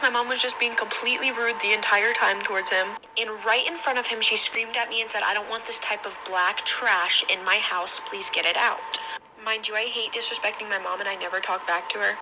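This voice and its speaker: A woman's voice: medium pitch, background noise. A young adult woman telling a personal story in a casual, chatty monologue, often saying "like". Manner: rapid chatty retelling with frequent "like".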